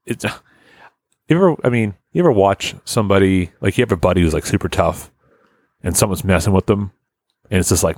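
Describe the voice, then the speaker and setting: Deep guy rambling excitedly, swears a lot, real dry sound. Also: brisk, long pauses, dry recording. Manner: rambling, enthusiastic, swears often. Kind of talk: casual chat.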